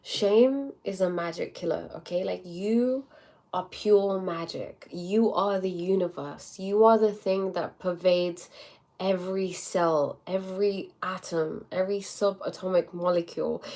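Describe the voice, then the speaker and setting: A young woman with a blocked nose, chatting casually on a livestream, with lots of likes and quick acted-out quotes. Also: fairly low pitch, a little mellow. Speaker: livestream host.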